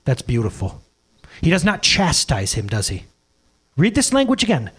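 A man preaching a sermon, telling a jokey family story with quick asides and laughs. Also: mid-range voice, huge pitch swings, slightly rough. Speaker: pastor.

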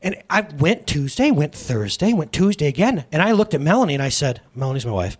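The pastor, a man in his thirties, has a fairly high voice with a breathy edge and a brisk delivery. His church sermon is casual and funny, built on animated, jokey stories with asides to those in the pews.

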